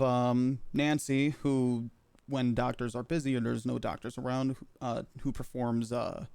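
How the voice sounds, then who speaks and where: Halting man with a smooth, dry voice. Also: medium pitch, darkish tone, dry recording. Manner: halting, filler-heavy recounting. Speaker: roleplay medic giving a statement. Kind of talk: in-character recounting of events.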